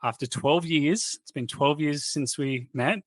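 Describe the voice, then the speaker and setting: A man in his thirties hosting a podcast, telling casual, animated, slangy stories. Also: fairly high pitch, unhurried, dry recording. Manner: chatty, animated, slangy anecdotes. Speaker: podcast host.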